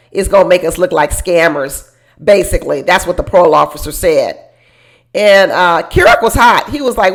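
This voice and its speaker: A woman hosting a casual recap show, chatting to her viewers in a gossipy, laughing way about a reality program. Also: mid-range voice. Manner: speaks straight to viewers as "y'all".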